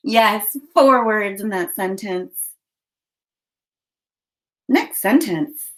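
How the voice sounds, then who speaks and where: A woman teacher leading a phonics lesson for young children, giving slow, clearly enunciated prompts. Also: medium pitch.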